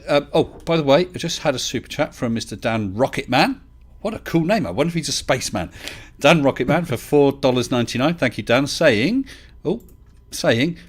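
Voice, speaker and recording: A British man hosting a live stream, chatting casually, interrupting himself and laughing easily. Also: mid-range voice. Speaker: livestream host.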